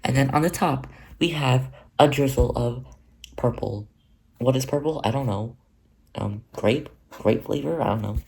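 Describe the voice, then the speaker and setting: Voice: medium pitch, a little slow, gravelly, a little mellow, husky. A crafting vlogger narrating their own paper project in a rambling, chatty, self-mocking way. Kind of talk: casual narrated crafting vlog.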